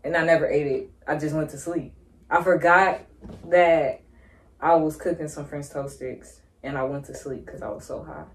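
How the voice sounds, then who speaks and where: A young woman guest telling a story in a casual chat, animated and acting out her own reactions. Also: low-pitched, moderate pace.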